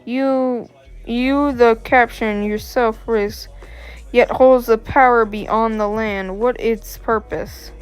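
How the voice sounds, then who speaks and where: A woman reading the lines of a calm, guarded male adventurer in a slow, level, reserved delivery. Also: a little high, clear, resonant tone, soft background music. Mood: calm, firm.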